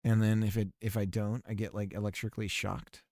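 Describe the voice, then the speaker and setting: A man streaming his game development, chatting in a rambling, jokey way and switching between loud projection and a softer normal voice. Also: on the low side, flat delivery, brisk, dry recording, studio quality. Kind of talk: casual live-stream chat while coding.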